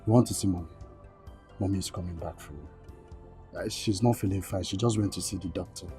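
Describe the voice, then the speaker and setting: An actor with a Nigerian accent playing a gentle father, softly coaxing and soothing a crying child. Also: low-pitched, fairly quick, faint music behind, lightly acted. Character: gentle father comforting his daughter. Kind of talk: Nollywood film acting.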